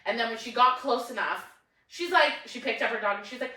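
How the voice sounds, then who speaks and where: A woman's voice: fairly high pitch, fairly quick, pushed and bright. A woman co-hosting a podcast, telling a story in casual chat and laughing often as she talks. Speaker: podcast co-host. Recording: echoey room, mic at a distance.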